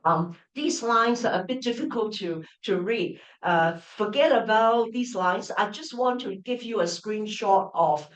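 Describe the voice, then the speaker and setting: Slow-spoken woman lecturing. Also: medium pitch, recorded from a distance. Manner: frequent restarts, checks in with "right?" and "all right?". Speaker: university professor giving a lecture. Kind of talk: open-day lecture. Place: lecture room. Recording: echoey lecture room.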